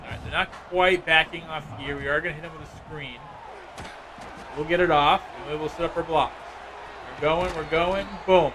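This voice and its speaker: A man streaming a football video game, giving casual, excitable play-by-play and chatting with viewers. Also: a little high, normal speed, background noise. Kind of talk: live gameplay commentary.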